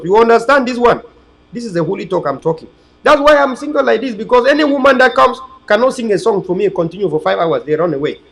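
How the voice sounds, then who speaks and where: A man's voice: high voice, a bit bright, rough recording. A man, hosting an online political channel in a rambling, preachy, emphatic livestream monologue to his viewers.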